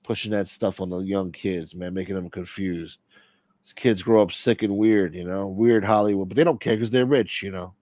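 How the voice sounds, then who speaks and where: A man's voice: sits low, steady tone, moderate pace, a little mellow, no room sound, lo-fi sound. A man hosting a casual live-stream chat, rambling, profane and opinionated. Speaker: livestream host.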